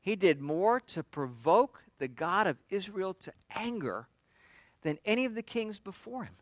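Man, pastor, sermon, high voice, conversational storytelling, frequent restarts, dry close sound. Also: sing-song, measured pace, no echo.

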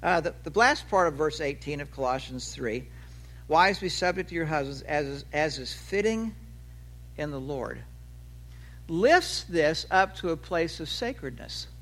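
A man in his sixties preaching a sermon, his voice rising for quoted lines and dropping low at the ends of phrases. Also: lively intonation, unhurried, a bit bright. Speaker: pastor.

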